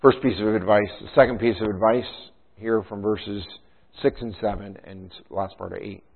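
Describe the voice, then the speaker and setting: A man's voice: on the low side, fairly even intonation, moderate pace, vocal fry, husky. A man preaching a sermon and tossing in rhetorical questions and a frequent "right?". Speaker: pastor. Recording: tinny phone-like sound.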